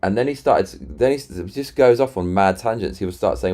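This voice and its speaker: A man with a very low, deep voice chats casually on a live stream. He rambles, restarts sentences and retells arguments with friends. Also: quick pace, few pauses, mellow. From Britain. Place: London.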